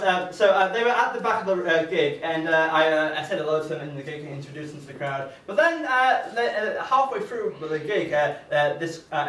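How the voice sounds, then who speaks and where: A man's voice: on the high side, fairly bright tone, a little hiss or hum. A young man doing a live stand-up set, rambling and self-deprecating, full of fillers. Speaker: stand-up comedian. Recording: echoey room, mic from far off.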